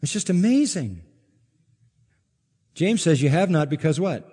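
Emphatic preacher with hall reverb. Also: male voice, big pitch swings, unhurried, long pauses, breathy edge. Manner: emphatic, rising to loud exclaims and dropping low; asks the congregation questions. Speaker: pastor. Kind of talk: expository sermon.

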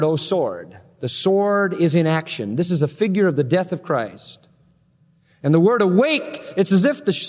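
High-voiced preacher man in a reverberant hall. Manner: dramatic, swings from loud proclamation to hushed emphasis. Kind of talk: expository sermon.

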